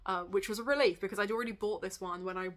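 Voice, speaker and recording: A young English woman chatting casually and quickly about books she has read, rushed and self-aware, with a laugh now and then. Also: medium pitch, steady tone, a bit bright. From England. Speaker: book vlogger. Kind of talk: casual book wrap-up chat.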